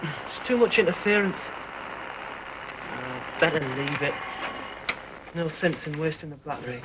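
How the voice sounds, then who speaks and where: An actor playing a young army radio operator, earnest and matter-of-fact. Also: male voice, a little high, lively intonation, unhurried, very noisy. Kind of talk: 1980s television drama acting.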